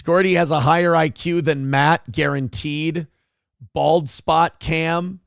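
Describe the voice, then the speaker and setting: A male stream host with a fairly high, gravelly voice, talking casually and swearing freely. The sound is dry and close, with no room echo. He keeps calling out short commands to coax his dog. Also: slow pace. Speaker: live-stream show host. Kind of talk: casual live-stream chat.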